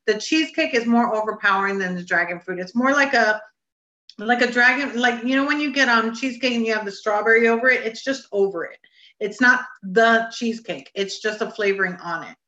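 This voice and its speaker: A woman's voice: fairly high pitch, a little fast, sharp tone. A woman hosting a casual live stream chat, rambling with lots of fillers. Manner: chatty, rambling, many fillers. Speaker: host of a vape review channel. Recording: echoey room, slightly dull lo-fi sound.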